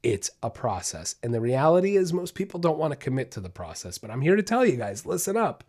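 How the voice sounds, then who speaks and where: A man's voice: medium pitch, very animated, fast talker, darkish tone. Male podcast host, dog trainer type, emphatic coaching delivery that hammers key points. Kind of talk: casual instructional talk.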